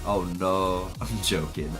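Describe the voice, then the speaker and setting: A man's voice: on the high side, bright, forceful tone. A man commentating live on a strategy game for his stream, chatty and laughing often as he talks to his chat. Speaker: gaming streamer. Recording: faint music behind.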